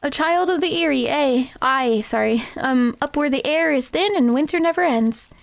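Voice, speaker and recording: Woman voicing a bookish scholar critter, polite and proper, high voice. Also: normal speed, creaky, no room sound.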